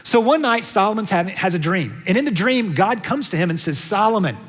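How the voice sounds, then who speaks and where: A man with a Southern US accent preaching a sermon as a pastor, telling a story with lively storytelling and acting out the characters' lines. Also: high-pitched, brisk, in a large hall.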